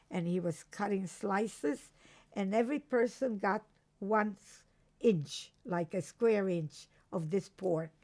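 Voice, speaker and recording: An older woman from Croatia giving an oral history testimony, recalling events slowly with halting restarts. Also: medium pitch, gravelly, warm tone. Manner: slow, halting recollection with restarts. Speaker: interviewee.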